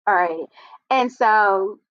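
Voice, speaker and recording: A woman host walks through TV scenes in casual chat and drops in blunt opinions as she goes. The voice sits at an average pitch for a woman. It is a dry, close recording with slightly dull, lo-fi sound. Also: slow pace, dry recording. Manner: opinionated, blunt asides while retelling scenes. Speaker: host of a reality TV recap show. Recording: dull, lo-fi audio.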